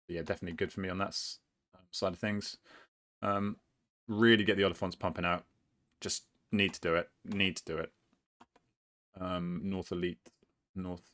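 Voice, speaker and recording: A man's voice: sits low, vocal fry, a bit bright. A man casually commentating his own board game match, rambling and hesitant, often laughing at himself.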